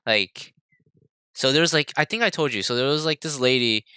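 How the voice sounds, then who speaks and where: A young man co-hosting a podcast, telling stories in a casual, animated way with some swearing. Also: mid-range voice, a little fast, smooth, no echo. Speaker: podcast co-host. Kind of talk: casual chat.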